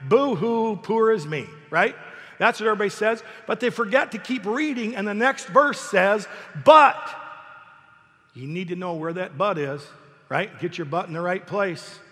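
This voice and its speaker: A middle-aged pastor with a notably high voice preaches a lively, brisk sermon in a church sanctuary. He punches key phrases loudly, then slips into quiet, conversational asides, and a long reverb trails his voice as in a large church hall.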